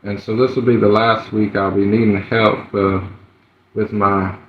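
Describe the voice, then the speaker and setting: A man hosting a live stream, greeting viewers by name in an unhurried way with fillers. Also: on the low side, level tone, a little hiss or hum. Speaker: livestream host. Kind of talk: casual live-stream chat. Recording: roomy, dull lo-fi livestream audio.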